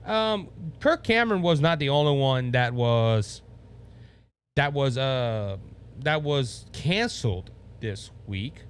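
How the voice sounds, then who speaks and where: A man with a thick Cajun Louisiana accent hosts his own talk show at a mid-range pitch. He rambles, trips over his words and starts sentences again, chuckling at his own slips. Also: expressive, takes it slowly, a little hiss or hum. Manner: rambling, stumbles over words and restarts, laughs at himself. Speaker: podcast host. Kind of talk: casual political talk show.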